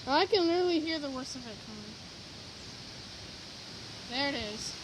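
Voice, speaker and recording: A woman's voice: high-pitched, expressive, normal speed, a little hiss or hum, rough recording. A woman filming a windstorm on her phone outdoors, giving breathless, exclamation-filled live commentary. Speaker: storm vlogger. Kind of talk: excited live storm commentary. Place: outdoors by a house, then a garage, in a windstorm. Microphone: handheld phone.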